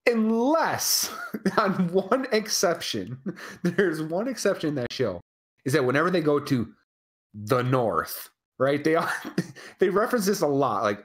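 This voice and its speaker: Co-host voice, loose and rambling, very lively pitch, salty language, remote call mic. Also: unhurried. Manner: rambling and animated, swears freely. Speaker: podcast co-host. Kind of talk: casual live chat.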